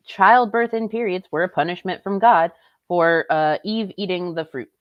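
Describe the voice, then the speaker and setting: A woman's voice: lowish voice, normal speed, no echo, highs cut off. A young woman streaming live, reacting in a blunt, profane and sarcastic way. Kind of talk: casual live-stream commentary.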